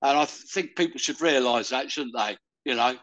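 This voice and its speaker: An older man from the UK, talking loudly and rambling in a casual interview. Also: medium pitch, moderate pace, poor audio. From United Kingdom. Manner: loud, rambling, calls the listener "mate". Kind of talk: casual conversation.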